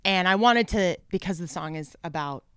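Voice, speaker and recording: A young woman, chatting as a musician guest on a podcast, animated and laughing often. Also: on the low side, normal speed, smooth, no room sound, clean studio sound. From New York. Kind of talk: casual podcast chat.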